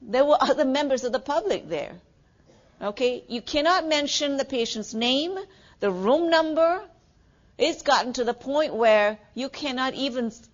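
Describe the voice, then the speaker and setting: A woman's voice: high voice, normal speed, highs cut off. A middle-aged woman giving a classroom lecture as a nursing instructor, talking conversationally, asking the class questions and saying "okay" often.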